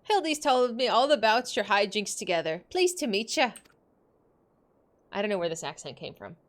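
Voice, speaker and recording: A woman voicing a fierce, scolding middle-aged mother with a put-on Scottish accent, sharp and bossy in tone. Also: mid-range voice, animated, moderate pace, natural voice. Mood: brisk.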